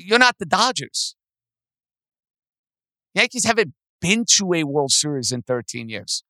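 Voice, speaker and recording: A man with a slightly high, pushed, bright voice hosts a sports talk podcast, ranting angrily and sarcastically at his team's owners. The recording is dry and rough.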